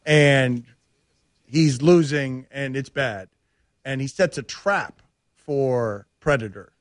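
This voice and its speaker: A man hosting a sports radio show, telling stories with animated banter and frequent laughs. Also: medium pitch, slow, dry recording, clean studio sound. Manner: animated storytelling, laughs often. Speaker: radio host.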